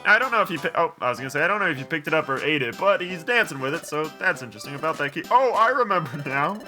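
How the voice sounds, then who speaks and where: A man's voice: a little high, expressive, racing, bright, forceful tone, faint music behind. A man hosting a game playthrough, chatting casually and reading game dialogue aloud with joking asides. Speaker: let's play host.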